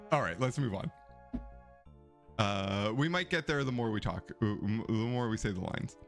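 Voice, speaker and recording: A man casually commenting on a mystery game while reading its text aloud, animated and excitable, laughing often and talking to his chat. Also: on the low side, unhurried, gravelly, pauses often, soft background music. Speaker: let's play streamer.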